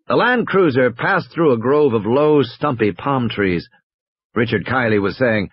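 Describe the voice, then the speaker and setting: Husky man reading a novel aloud. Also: measured pace, no echo, muffled recording. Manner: lively, with big pitch swings for quoted speech. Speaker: audiobook reader. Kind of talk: amateur audiobook narration.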